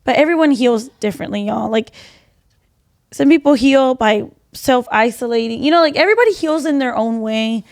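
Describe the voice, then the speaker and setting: Young woman co-host, fairly high voice, earnest faith-centered chat, animated. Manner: earnest, animated, quick bursts and soft drops. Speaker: podcast co-host. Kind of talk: casual faith-based chat.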